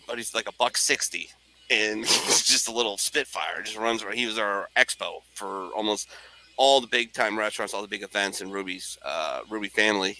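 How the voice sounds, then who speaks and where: A middle-aged man, a podcast host, telling a story in casual chat, animated and jokey, acting out the people in it. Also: mid-range voice, poor audio. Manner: animated, jokey, acts out voices in his stories.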